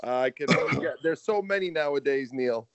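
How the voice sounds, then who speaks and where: A man's voice: mid-range voice, lively intonation, normal speed, dry recording. An American man on a phone call, wisecracking and swearing freely in casual chat. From United States. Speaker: phone guest. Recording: dull phone-call audio.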